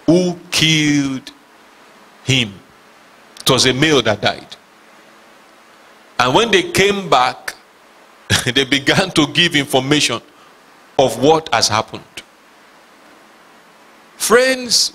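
A man's voice: fairly high pitch, sharp tone. A man preaching a sermon as pastor, reading scripture aloud with emphasis and asking his listeners questions. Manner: reads scripture aloud dramatically.

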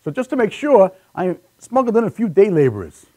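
Man, stand-up comedian, punchy one-liners, slightly high voice, lively intonation. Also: fairly quick. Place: live show room.

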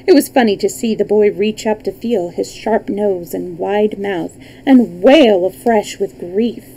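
A woman reading a children's book aloud on a livestream, lively, with small slips and restarts. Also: medium pitch, measured pace, slight background noise, rough recording. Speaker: storyteller.

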